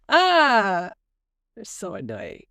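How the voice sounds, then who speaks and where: Animated, lively woman podcast host. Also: mid-range voice, clear, resonant tone, dry recording, lo-fi sound. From United States. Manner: laughs often, acts out voices in anecdotes. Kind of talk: casual chat, animated storytelling.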